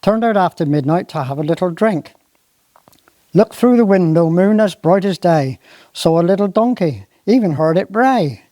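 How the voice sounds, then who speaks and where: A performer with a Cornish accent tells a comic verse tale in a bouncing, sing-song rhythm. The voice is mid-pitched and even. It is recorded dry, with no reverb. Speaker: dialect performer. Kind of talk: reciting comic dialect verse and jokes.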